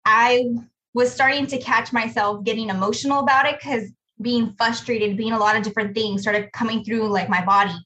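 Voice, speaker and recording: A woman with a slightly high voice tells a story on a casual podcast. She is animated and acts out what she said at the time as she recounts running her own business. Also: normal speed, a little hiss or hum, rough recording. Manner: storytelling, animated, quotes herself. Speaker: business owner, podcast co-host.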